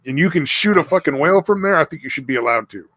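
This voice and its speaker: A man chatting loosely on a podcast, swearing freely and wandering off mid-thought. His voice is bright and forward, recorded close and dry with no room sound. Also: fairly high pitch, lively intonation, quick pace, no room sound. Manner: profane, rambling, loses his train of thought. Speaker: podcast co-host. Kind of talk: casual podcast banter.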